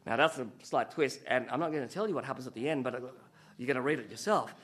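A middle-aged man preaching a sermon as pastor, animated and storytelling, with joking asides. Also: medium pitch, quick pace.

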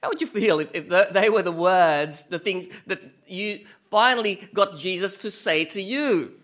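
A man with a high-pitched, slightly bright voice preaches at a moderate pace in a conversational style. He keeps asking his listeners rhetorical questions and pokes fun at himself along the way.

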